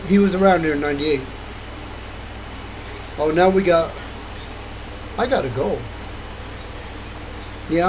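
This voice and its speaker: A man's voice: a little high, background noise. An older man rambling through a late-night monologue, wandering from thought to thought and laughing often. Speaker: vlogger.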